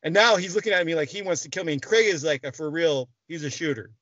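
Male podcast guest, animated storyteller who restarts a lot, slightly high voice, lo-fi audio. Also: fast, no echo. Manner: animated, restarts often, swears freely. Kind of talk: casual storytelling. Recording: dry, dull lo-fi sound.

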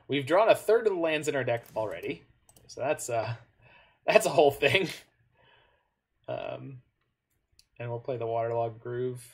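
Guy narrating his card game as he plays, mid pitch, thinking out loud, keeps correcting himself. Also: expressive, a little slow, pauses often. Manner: musing, thinks aloud with frequent self-corrections and asides. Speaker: gamer commenting on his own online card game matches. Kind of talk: casual gameplay commentary.

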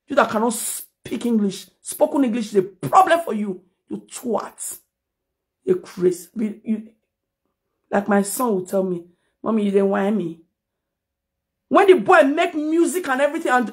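A middle-aged woman with a Nigerian accent, delivering a heated, accusing rant on a livestream that slips into pidgin and rises to shouts. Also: fairly high pitch. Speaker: social media commentator.

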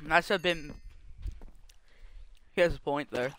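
Young dude gaming stream, high pitched, rambly and jokey. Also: male voice, noisy background. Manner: joking, rambling, quick laughs, mock accents. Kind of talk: casual gaming livestream chat.

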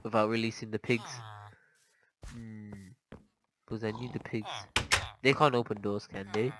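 A man giving casual, chatty commentary over his gameplay, easily startled and quick to panic. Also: fairly low pitch, fairly even intonation, a crowd in the background, poor audio. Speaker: gaming channel host.

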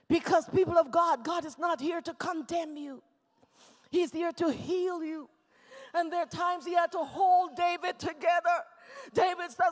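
A man with a Nigerian accent preaching a fervent sermon in a large church hall, swinging between loud shouts and hushed passages. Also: extremely high pitch, steady tone, unhurried. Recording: long reverb of a church hall.

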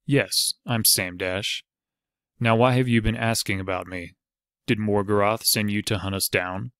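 A man reading as a guarded outlaw chief, curt, demanding, low voice, dry sound. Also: fairly even intonation, measured pace, fairly bright tone, clean tone, dry recording. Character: wary cowled outlaw leader, man, blunt and guarded.

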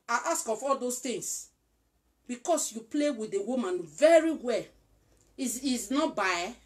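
A woman's voice: a little high, a bit bright. A woman with a Nigerian accent giving casual relationship advice, coaxing and repetitive, often checking that she is understood. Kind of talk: casual instructive talk.

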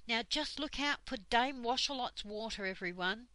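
An older woman voicing a lively young boy in a storybook, brisk and eager. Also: fairly high pitch, dry recording, voice pushed up.

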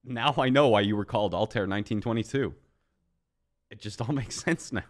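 A man's voice: on the low side, a little fast. A man giving casual, joking commentary on gameplay clips as a streamer guessing ranks. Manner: joking, animated, sarcastic.

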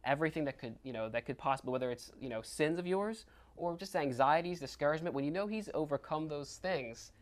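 A man's voice: on the high side, fast, few pauses. A man co-presenting a church retreat, talking casually and animatedly about scripture with lots of fillers. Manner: animated, rambling with many fillers. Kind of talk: casual faith discussion.

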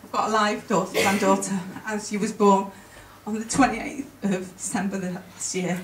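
A woman's voice: medium pitch, little pitch movement, background noise. Woman speaking in an echoey hall. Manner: emotional, chatty, halting. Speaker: conference speaker. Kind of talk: presentation to an audience. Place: conference hall. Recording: roomy hall, mic from a distance. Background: faint room ambience.

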